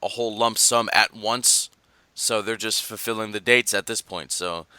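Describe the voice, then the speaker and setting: Guy cohosting a chatty podcast, bright clear voice, rambles on excitedly. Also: on the low side, normal speed, no echo. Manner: animated, rambling, reads fan mail. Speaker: podcast co-host. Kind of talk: casual podcast chat.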